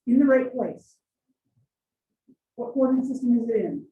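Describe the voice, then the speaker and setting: A woman instructor teaching a college class, brisk and teasing as she coaxes answers from her students. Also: fairly high pitch. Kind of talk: classroom lecture with questions. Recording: distant echoey classroom on tinny mic.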